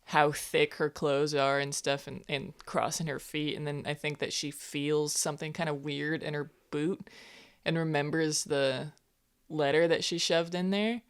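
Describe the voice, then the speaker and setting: A woman's voice: low-pitched, fairly even intonation, unhurried, clear, resonant tone. A woman playing in a tabletop game, laid-back and thinking aloud about her character. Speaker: player. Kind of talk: tabletop role-play.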